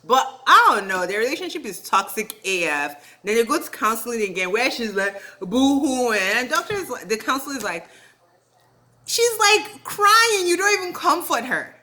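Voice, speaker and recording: Woman, casual rant, animated pitch, bright voice, indignant, slangy. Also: a little fast, hardly any pauses. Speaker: reality TV recap vlogger.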